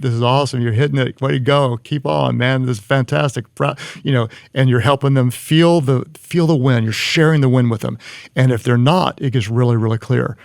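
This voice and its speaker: A man with a gravelly, fry-tinged voice gives earnest leadership advice in a relaxed, conversational way. He often backs up and restarts his sentences. The recording is dry and close. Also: mid-range voice, no room sound. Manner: earnest, explanatory, frequent restarts. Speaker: leadership guest.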